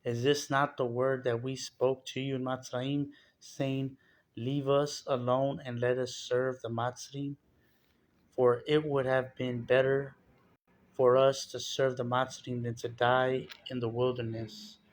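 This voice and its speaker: A man's voice: medium pitch, level tone, measured pace. A man reading scripture aloud and explaining it in a casual, conversational teaching style. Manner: conversational, reads verses then explains with casual asides. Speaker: Bible teacher.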